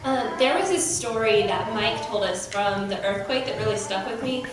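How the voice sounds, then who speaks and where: A woman, a mission team member, giving an earnest testimony with many pauses and fillers. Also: mid-range voice, very noisy. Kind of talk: testimony at a church presentation. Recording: echoey hall from far off.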